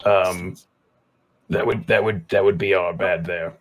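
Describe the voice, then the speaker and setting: A man's voice: deep voice, fairly even intonation, unhurried. A man playing a tabletop game, talking hesitantly and stammering. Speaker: player. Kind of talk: casual game chat.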